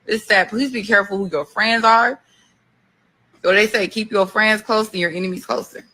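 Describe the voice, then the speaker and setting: A talk show host and school counselor in her thirties hosts a casual livestream with a steady, sharp, mid-range voice at a moderate pace. She talks right to her viewers, emphatic and repetitive in her phrasing.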